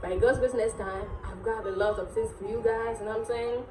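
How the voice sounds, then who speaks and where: A Nigerian woman hosting a casual language lesson, repeating words slowly and laughing often. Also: fairly high pitch, fairly even intonation, background noise. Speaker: dialect teacher and channel host. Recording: echoey room with faint music.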